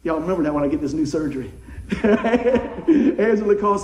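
Guy preaching, high-ish voice, churchy echo, goes soft then loud. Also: normal speed, a little hiss or hum. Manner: folksy, animated, rises to excited shouts then drops soft. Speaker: pastor. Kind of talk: sermon. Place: church sanctuary.

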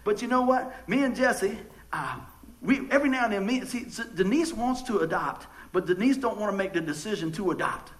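A man's voice: high-pitched, expressive, a little fast, a bit bright, poor audio. A man preaching a casual sermon, telling jokey stories with many stammered restarts. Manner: folksy, joking storyteller with stammered restarts. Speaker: pastor.

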